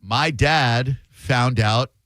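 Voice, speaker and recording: A man's voice: medium pitch, extremely slow, bright, forceful tone, dry recording. A man hosting a radio show, chatting casually with callers in a sarcastic, playfully mock-indignant way. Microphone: studio microphone.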